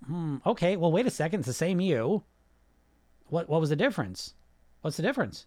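A man's voice: high voice, very animated, normal speed, long pauses, no room sound, studio quality. Blunt, profane male podcast coach. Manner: blunt, profane, fires rhetorical questions; mocks listeners with put-on whiny voices. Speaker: weight loss coach and podcast host. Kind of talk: casual podcast monologue.

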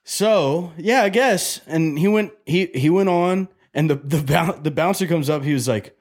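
Slightly high male voice, lively, swears freely, animated storyteller. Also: moderate pace. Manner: animated, profane, acts out quotes in a loud excited voice. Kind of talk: casual storytelling chat.

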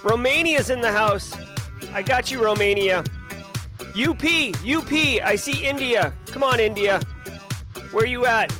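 A man hosting a live stream, casually chatting and giving energetic, playful shout-outs to viewers. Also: extremely high pitch, unhurried, long pauses, music in the background. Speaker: livestream host.

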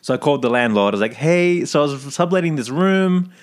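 A man's voice: mid-range voice, quick pace. Chatty man telling stories. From Australia. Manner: animated, swears, laughs often. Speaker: podcast co-host. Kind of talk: casual storytelling chat.

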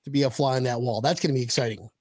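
A man hosting a casual sports podcast, talking in an animated, rambling way with frequent restarts. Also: medium pitch, very fast, breathy edge, no room sound. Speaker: podcast host.

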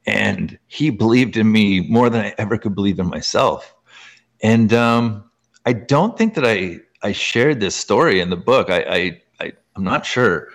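A man from Canada speaks as a guest in a relaxed interview, telling stories from his life. His voice sits low, but it leaps upward whenever he gets excited. He peppers his sentences with "like" as he goes. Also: a little slow. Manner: animated, pitch jumping up in excitement; heavy use of "like" as filler. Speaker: guest author. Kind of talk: casual storytelling conversation.

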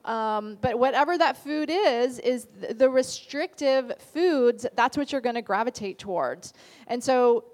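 A woman's voice: a little high, a little slow, darkish tone. A woman dietitian teaching a class in a casual, conversational way, often asking the audience rhetorical questions.

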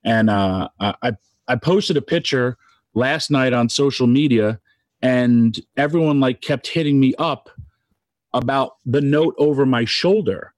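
A tearful man giving an emotional tribute, halting and restarting as his voice catches. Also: medium pitch, dry recording. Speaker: guest speaker.

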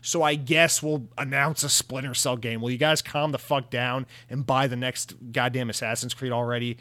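Man, young adult, gaming commentator, sarcastic, profane, mid pitch, dry recording. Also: flat delivery, moderate pace, pushed and bright, dry recording. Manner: sarcastic, profane, mocking impressions of companies. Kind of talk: ranting video commentary.

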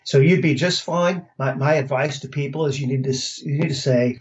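Guest, American man, easygoing storyteller, mid pitch, slightly muffled lo-fi audio. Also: fairly quick, few pauses. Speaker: interview guest. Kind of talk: casual conversation. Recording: slightly dull lo-fi sound.

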